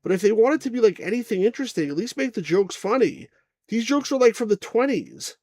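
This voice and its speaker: A man reviewing a retro game, his voice lively and swinging in pitch as he makes sarcastic, exasperated asides. The sound is dry and close. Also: fast, no room sound. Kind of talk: casual game review commentary.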